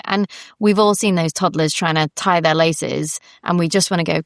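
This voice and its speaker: A woman speaks as a podcast guest in a candid conversation about faith, earnest and reflective, often circling back to restart a thought. Her voice sits a little low, and the sound is close and dry, with no room around it. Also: fairly even intonation, normal speed, dry recording.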